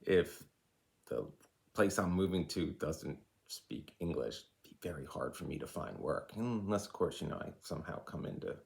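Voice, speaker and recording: A man in his forties with a very low, deep voice delivers a casual, fired-up monologue to his viewers. He speaks passionately and rambles, dropping asides as he goes. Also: animated, moderate pace, vocal fry, a little mellow. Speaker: vlogger and life coach. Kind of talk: casual to-camera rant.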